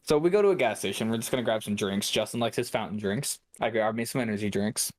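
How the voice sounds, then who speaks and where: A man's voice: on the low side, fast. A man co-hosting a podcast, telling a profane story in casual chat. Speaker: podcast co-host.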